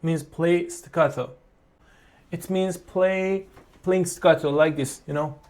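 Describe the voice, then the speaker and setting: A piano teacher who explains a beginner piece in a slow, halting way, with frequent fillers and restarts. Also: medium pitch, steady tone, heavy background noise. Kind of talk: online piano tutorial.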